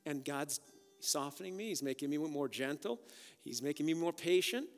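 A man preaching a sermon, energetic, swinging from loud urgent exhortation to quiet emphasis. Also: fairly high pitch, moderate pace. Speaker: pastor. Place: church sanctuary. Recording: long hall reverb with faint guitar behind. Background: soft guitar music.

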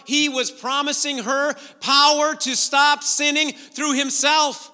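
A man pastor preaching a sermon, swinging from hushed, slow passages to loud, emphatic ones. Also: very high voice, long reverb tail.

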